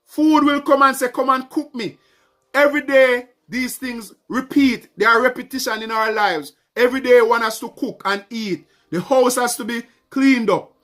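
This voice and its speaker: A man's voice: very high-pitched, moderate pace, few pauses, fairly bright tone. A man preaching a sermon with emphatic delivery, repeating key phrases and calling out to his congregation.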